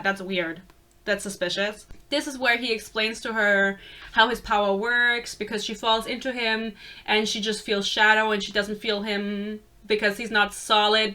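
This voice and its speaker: Bright-voiced woman ranting about books. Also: mid-range voice. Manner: blunt, profane, exasperated. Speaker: book reviewer. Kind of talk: casual book rant.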